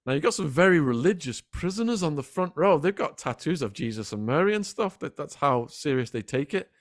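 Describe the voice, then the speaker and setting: A middle-aged man, a podcast guest telling animated stories in a casual interview. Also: fairly high pitch, dry recording, clean studio sound. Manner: animated, quick anecdotal storytelling. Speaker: podcast guest, former prisoner.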